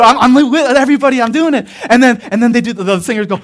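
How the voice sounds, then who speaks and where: A man's voice: very high-pitched, quick pace, few pauses. A man preaching a sermon in a casual, rambling storytelling way, full of fillers and breaking into laughter. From Korean church background. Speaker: pastor.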